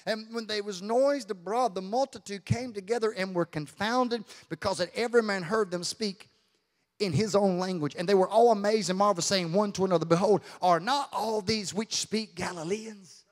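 A man preaching a fervent sermon as pastor, swinging from quiet asides to loud shouting. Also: high-pitched, normal speed, long reverb tail. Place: church sanctuary.

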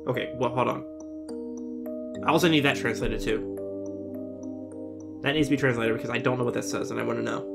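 A man's voice: mid-range voice, steady tone, a little fast, creaky, pauses often, over loud music. A man hosting a casual video reaction, chatty and openly emotional, who exclaims and swears often. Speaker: reaction channel host.

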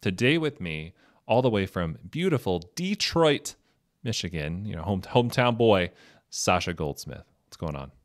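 A man with a lowish voice hosts a casual interview show, cracking jokes and puns as he goes. The sound is dry and close, with no room in it. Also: big pitch swings, normal speed, no room sound. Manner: jokey, playful, punning. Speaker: podcast host.

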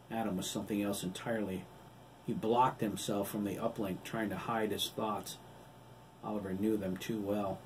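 Low-voiced man narrating a novel. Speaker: author reading his own novel. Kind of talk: audiobook narration. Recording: distant mic with faint background noise.

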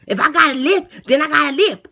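Woman doing a male inmate blogger, delusional and boastful, lisp, loud insistent voice, raised pitch. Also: fast talker. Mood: defensive. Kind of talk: comedy skit character voice.

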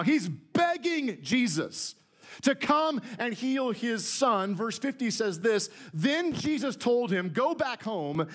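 A man pastor preaching a conversational, emphatic sermon to his church. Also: sits high. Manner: conversational, emphatic, repeats words when starting a phrase. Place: church sanctuary.

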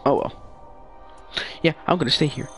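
A man's voice: mid-range voice, very animated, normal speed, fairly bright tone, soft background music. A man narrating his own online gameplay, swearing, taunting opponents and ranting in frustration. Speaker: gamer playing online. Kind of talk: live gameplay commentary. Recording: noisy gameplay capture.

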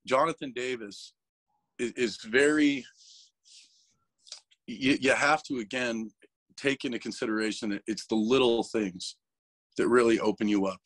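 A man's voice: mid-range voice, no room sound. A man speaking as an interview guest, talking candidly and emotionally, swearing freely and restarting his words. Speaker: interview guest, metal vocalist.

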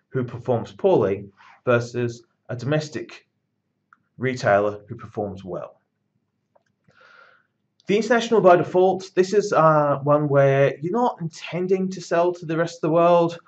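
A man delivers a university lecture in a conversational, emphatic manner. He makes blunt asides to his students. His voice sits at a middling pitch, recorded on slightly dull, lo-fi audio.

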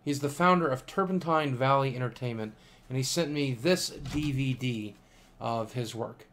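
A tired man who is coming down with a cold chats casually as he reads his fan mail and thanks his viewers, pausing often with fillers. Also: mid-range voice, slight background noise. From United States. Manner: warm, thankful, chatty with filler pauses. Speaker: YouTuber reading fan mail. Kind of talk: casual vlog chat.

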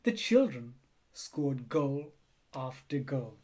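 A man reads a children's picture book aloud, telling the story expressively. His voice is mid-range and he takes it slowly.

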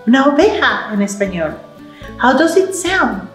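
A woman librarian leading a baby storytime, speaking slowly in a sing-song, encouraging way, mixing in words. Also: mid-range voice, sing-song, echoey room, soft background music. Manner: slow, sing-song and encouraging, switching between English and Spanish words. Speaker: children's librarian. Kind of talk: baby storytime with songs and rhymes.

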